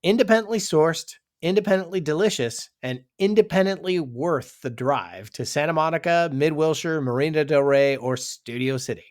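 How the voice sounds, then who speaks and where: A man's voice: on the high side, normal speed, few pauses. A man co-hosting a podcast in casual scripted banter, upbeat and reading segues and sponsor lines. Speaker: podcast co-host.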